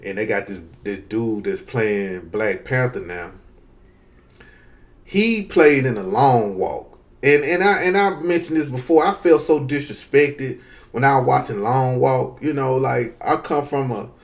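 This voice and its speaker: Southern guy venting his opinions to the camera, loose and cussing, mid pitch. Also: animated, measured pace. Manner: loose, conversational, profane, addresses viewers as y'all. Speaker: vlogger giving opinions. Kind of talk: casual opinion rant.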